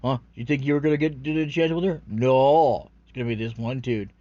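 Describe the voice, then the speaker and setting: Sneering male taunter, loud and jeering, as a man puts him on, mid-pitched, dull lo-fi sound. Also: brisk, dry recording, lightly acted. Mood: mocking. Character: sneering taunting male voice mocking a lonely viewer. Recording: dull lo-fi recording.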